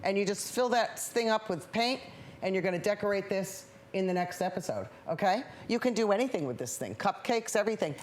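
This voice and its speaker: A woman's voice: medium pitch, expressive, a little fast. A woman of fifty hosting a public access painting show, chatting in a rambling, upbeat way while she paints in a TV studio. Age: 50s. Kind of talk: chatty live painting demonstration.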